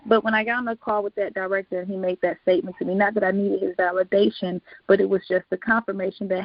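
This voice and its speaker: A woman's voice: mid-range voice, fairly even intonation, fast talker, hardly any pauses, no echo. A woman, a guest on a podcast, telling stories in a reflective, casual way and laughing often. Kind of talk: casual interview chat. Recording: dull lo-fi podcast audio.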